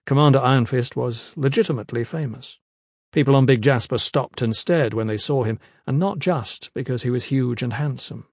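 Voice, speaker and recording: A man reading a fantasy novel aloud in a measured, wry narration. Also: mid-range voice, a little mellow, dry recording. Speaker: audiobook narrator. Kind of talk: scripted narration.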